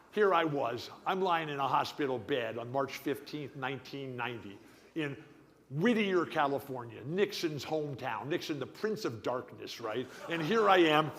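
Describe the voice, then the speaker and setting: An older man giving an animated after-dinner speech as guest speaker, telling stories and often restarting or repeating words. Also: a little high. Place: banquet hall. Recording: reverberant hall.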